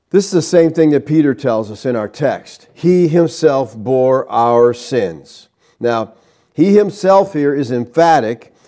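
A man preaching an expository sermon, reading scripture aloud in a measured teaching delivery with emphatic stresses on key words. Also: a little high, dark tone.

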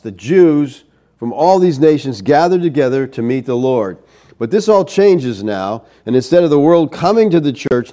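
Mellow-voiced man preaching a sermon. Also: mid-range voice. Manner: teaching verse by verse, checking in with listeners. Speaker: pastor.

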